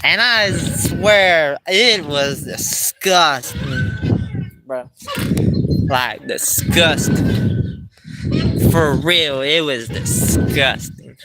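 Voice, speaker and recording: A woman telling a rambling story in a casual way, often repeating herself, halting and using slang. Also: deep voice, over loud music, low-quality recording.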